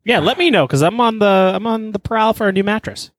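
Guy venting on a podcast, kinda high voice, dry close mic. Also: brisk, no echo. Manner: animated, swearing, venting. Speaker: podcast co-host. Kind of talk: casual chat.

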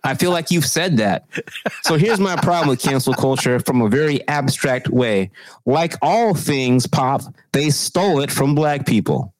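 A man's voice: mid-range voice, unhurried, no echo. Male co-host, casual and profane, mid-range voice, tight dry mic sound. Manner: profane, animated storytelling. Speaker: podcast co-host. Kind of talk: casual chat.

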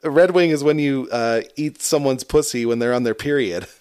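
A man chatting casually on a podcast, laughing often and cursing freely. His voice sits at an ordinary middle pitch. He sounds loose and unguarded. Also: normal speed, a little mellow, clean tone. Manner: laughs a lot, swears freely. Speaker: podcast co-host. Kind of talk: casual chat.

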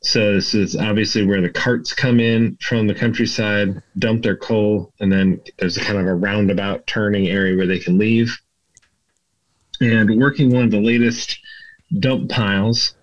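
A man's voice: lowish voice, dry recording. Man narrating as dungeon master, dull audio. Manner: relaxed, rambling narration with fillers. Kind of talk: narrating a tabletop game.

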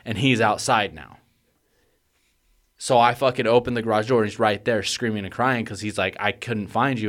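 A young podcast co-host tells a story casually, cursing freely and growing loud and agitated as he relives a moment of panic. His voice is on the low side and his delivery brisk.

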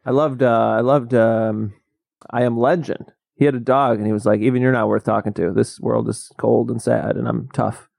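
A man's voice: medium pitch, little pitch movement, moderate pace, vocal fry, a little mellow, no room sound. A man in casual podcast chat, curious, asking questions with dry asides. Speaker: podcast co-host.

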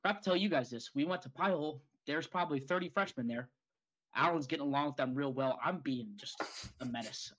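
A man's voice: fairly high pitch, a little fast, fairly bright tone, poor audio. A young man co-hosting a podcast, telling a rambling story in casual chat and swearing freely. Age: young adult. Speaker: podcast co-host.

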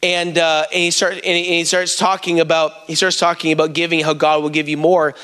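Bright-voiced man preaching a sermon. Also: fairly high pitch, flat delivery, a little fast, clean tone. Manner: storytelling, addresses the congregation directly.

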